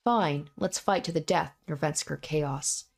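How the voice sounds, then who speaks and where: Going for a full character voice, a woman speaks low and a little slowly, with vocal fry, as she reads a young man's first-person account of his own bloody fight from a visual novel. The monologue is dark and repetitive.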